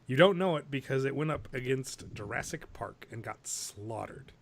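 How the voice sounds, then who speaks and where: A man's voice: medium pitch, animated, normal speed, fairly bright tone, a little hiss or hum. A man co-hosting a podcast in casual chat, talking eagerly and laughing as he retells scenes. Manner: enthusiastic, laughs while retelling movie scenes. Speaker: podcast co-host.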